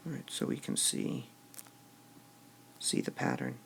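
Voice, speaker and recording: A man teaching a class, slow and deliberate, stressing syllables aloud as he goes through lines of verse. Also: slight background noise. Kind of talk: classroom lecture on poetic meter.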